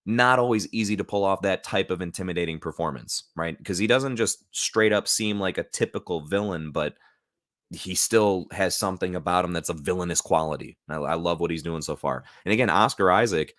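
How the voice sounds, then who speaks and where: A man's voice: low-pitched, a little fast, a bit bright, no echo, clean studio sound. An American man hosting a casual live stream, rambling loosely with lots of fillers. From United States. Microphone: new studio mic.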